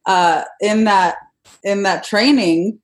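Young adult woman guest, mid-pitched, telling a personal story earnestly in casual chat. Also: slow.

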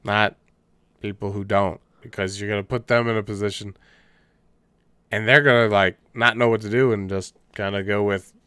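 A man co-hosting a podcast in casual chat, animated and full of "like", acting out quotes in funny voices. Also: fairly low pitch, normal speed, clean tone, no room sound, clean studio sound. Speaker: podcast co-host.

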